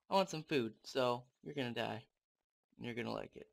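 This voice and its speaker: A young man commenting on his own game play, excitable and swearing often, talking to the game. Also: medium pitch, normal speed, vocal fry. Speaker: gamer.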